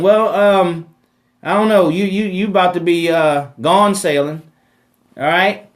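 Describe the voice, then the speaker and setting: Speaking a little slowly in a high voice, this man runs a live question-and-answer session on money. He's emphatic and preachy, repeating himself and tossing in rhetorical "right?"s.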